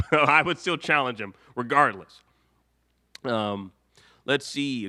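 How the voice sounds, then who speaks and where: Bright-voiced young man hosting a live chat. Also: mid-range voice, takes it slowly. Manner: rambling, reads chat comments aloud, laughs often. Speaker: live show host. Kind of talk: casual live stream chat.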